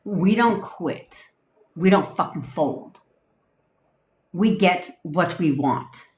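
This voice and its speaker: A woman's voice: lowish voice, expressive, slow, slight background noise. A woman manifestation coach ranting on a livestream, blunt, profane and emphatic, into a phone. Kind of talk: livestream rant. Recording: roomy echo.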